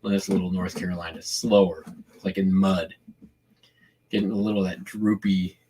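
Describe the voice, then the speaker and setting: A man's voice: low-pitched, flat delivery, normal speed, noisy background. A man hosting a casual shipping vlog, talking loosely with lots of fillers while describing hand gestures. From Washington state, US. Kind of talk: casual rambling chat.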